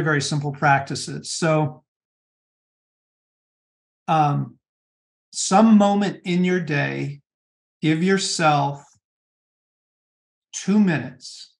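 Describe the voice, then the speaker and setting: Man, middle-aged, earnest and halting, lots of um and restarts, gravelly tone. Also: a little high. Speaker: author and interview guest. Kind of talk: conversational interview on spiritual practice.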